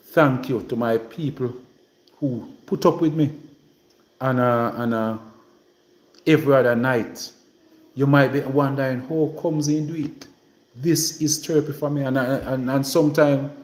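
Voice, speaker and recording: A Jamaican livestream host with a Trelawny patois accent chats casually with viewers, rambling and drifting between patois and English. His voice is fairly low and darkish, in an echoey room.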